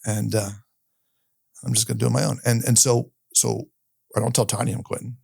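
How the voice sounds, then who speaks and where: A middle-aged man, a podcast guest, telling a personal story in a candid, halting way, often restarting and repeating his words. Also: mid-range voice, little pitch movement, vocal fry, darkish tone, breathy edge, no echo, studio quality. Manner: candid, occasionally swears.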